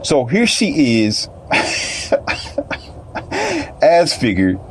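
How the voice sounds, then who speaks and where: A man's voice: medium pitch, big pitch swings, drawn-out words, slight background noise. A man telling a personal story in casual, colloquial speech, repeating phrases and addressing listeners directly.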